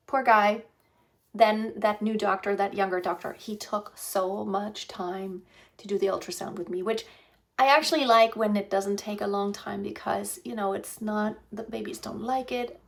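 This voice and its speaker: A woman's voice: mid-range voice, fairly even intonation, a little slow, vocal fry. A woman in her fifties telling a rambling personal story, talking casually into a phone propped in front of her, with many fillers and restarts. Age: 50s. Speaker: vlogger. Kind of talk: casual pregnancy vlog storytelling. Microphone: phone propped on a stand.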